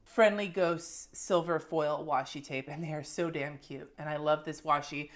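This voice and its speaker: A deep, steady female voice at normal speed belongs to a woman in her thirties who vlogs about planners and lettering. Casual and profane, she chats through her monthly favorites, showing planner supplies to the camera.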